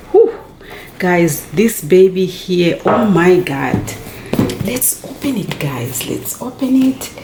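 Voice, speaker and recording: A woman with an American accent filming a casual unboxing vlog, gushing with excitement, calling her viewers "guys" and dropping to soft near-whispers as she handles the box. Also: mid-range voice, echoey room, background noise. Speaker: unboxing vlogger.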